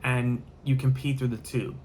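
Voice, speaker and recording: A man quoting a calm female nurse who explains a procedure plainly, in close to his own voice. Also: medium pitch, moderate pace, a little hiss or hum, natural voice. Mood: explaining. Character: calm female hospital nurse, matter-of-fact.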